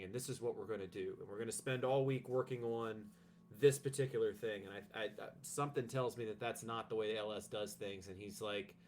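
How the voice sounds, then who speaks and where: A man co-hosting a podcast, giving his opinion in casual chat with many pauses and restarts. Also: lowish voice, a little hiss or hum. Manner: hesitant, many ums and restarts. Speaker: podcast co-host.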